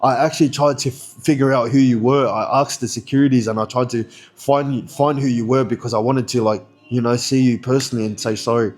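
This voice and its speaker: A young man with an Australian accent telling a story in casual, slangy speech, laughing often and jumping higher in pitch when he gets excited. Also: brisk.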